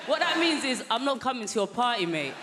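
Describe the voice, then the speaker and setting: A British man performing a stand-up comedy set, telling an animated story in chatty slang and often jumping into squeaky high voices. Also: brisk, very noisy. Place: large theatre stage. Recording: loud crowd laughter, long theatre reverb.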